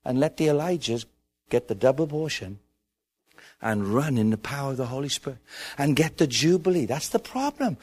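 An Irish man preaching with a high-pitched voice. He tells the story dramatically, voicing the characters in it and climbing to fervent shouts. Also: breathy edge. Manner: animated storytelling, acting out dialogue, rising to shouts. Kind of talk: sermon with acted-out story.

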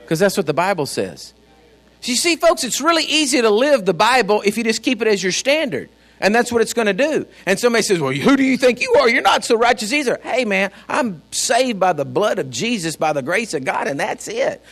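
A man's voice: high-pitched, very animated, a little fast, fairly bright tone. A man preaching a sermon as pastor, fiery and folksy, with joking asides. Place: church.

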